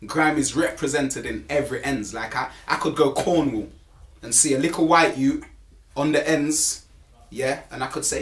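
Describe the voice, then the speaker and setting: A man's voice: mid-range voice, normal speed. A young man, answering interview questions in a casual, slang-heavy way. He keeps tagging on "you get me" and stumbles over repeated words as he gets going. He talks as a grime MC and stresses his points. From England. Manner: emphatic, repeats words when starting.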